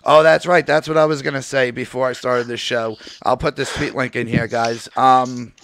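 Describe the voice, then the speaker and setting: A man's voice: medium pitch, level tone, moderate pace, fairly bright tone, no room sound. A man with a mid-range voice hosts a loose online hangout over a home mic. He is laid-back, laughs often and keeps reading out the chat. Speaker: host.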